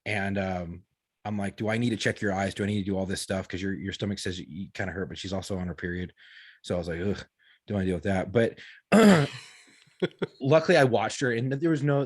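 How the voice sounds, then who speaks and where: Profane storytelling man, husky voice. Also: lowish voice, brisk, dry recording. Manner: profane, animated retelling with quoted dialogue. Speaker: podcast co-host. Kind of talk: casual podcast storytelling. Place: podcast studio.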